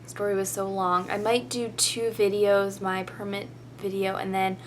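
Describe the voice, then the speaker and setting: A woman's voice: mid-range voice, little pitch movement, moderate pace, slight background noise. Chatty teenage girl, tearful. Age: teens. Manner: chatty, rambling with many "like" fillers. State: tearful, emotional. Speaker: vlogger. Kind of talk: casual storytelling vlog.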